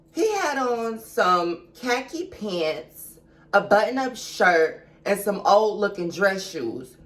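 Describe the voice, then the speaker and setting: A young woman with a mid-range, slightly bright voice tells a storytime vlog. She's chatty and confiding, acting out events dramatically and addressing her viewers as girl and baby.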